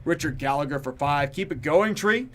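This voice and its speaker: A man's voice: on the high side, lively intonation, moderate pace, a bit bright. A man on a casual live stream, reading out viewer donations and reacting bluntly, laughing often and tripping over names. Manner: reads donor names and messages aloud, then reacts with blunt comments.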